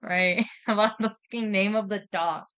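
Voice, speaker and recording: A woman's voice: mid-range voice, steady tone, moderate pace, a bit bright, clean tone. A woman streamer casually retelling a story, rambling with lots of repeated "and then"s, swearing and laughing often.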